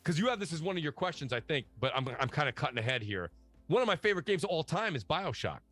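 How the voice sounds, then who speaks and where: A man chatting casually about video games, animated and slangy, telling stories with lots of asides. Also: fairly high pitch, fast, faint music behind. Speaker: podcast guest. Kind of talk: casual gaming chat.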